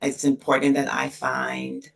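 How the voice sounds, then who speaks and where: Gravelly-voiced woman, earnest and heartfelt. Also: extremely low pitch, completely flat delivery. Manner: earnest, emotional, many pauses and restarts. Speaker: associate dean of students, podcast guest. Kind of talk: casual interview conversation. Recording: distant mic.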